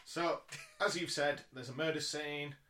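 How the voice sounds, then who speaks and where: A man's voice: a little high, steady tone, unhurried, bright, forceful tone, a little hiss or hum. A man co-hosting a casual podcast chat, dry and wry, steering the talk along. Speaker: podcast co-host.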